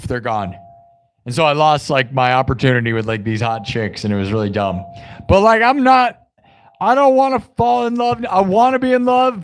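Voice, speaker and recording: Young male streamer, casual rambler, slightly high voice. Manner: rambling, laid-back, full of "dude" and "like". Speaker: live-stream musician host.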